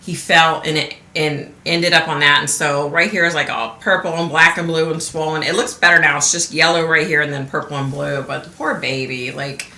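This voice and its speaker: Chatty woman telling stories, bright tone. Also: low-pitched, steady tone, moderate pace, hardly any pauses, roomy sound. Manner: chatty storyteller, laughs often, acts out quotes. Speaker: vlogger. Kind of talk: casual livestream chat.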